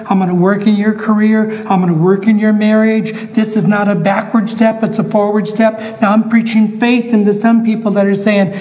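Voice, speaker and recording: Male pastor, sermon, high pitch, emphatic and repetitive, long reverb. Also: a little mellow. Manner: emphatic, repeats phrases, asks listeners questions.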